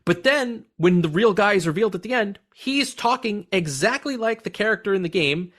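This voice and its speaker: A movie podcast host with a high, slightly bright voice reviews films in casual chat, talking a little fast. He's animated, laughing frequently and swearing from time to time.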